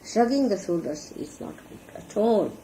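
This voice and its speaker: A woman's medium-pitched, dark voice swings widely in pitch at a moderate pace, captured in a low-quality archival recording with a faint hiss. The spiritual teacher gives an earnest, instructive sermon, using gestures to demonstrate how followers should act.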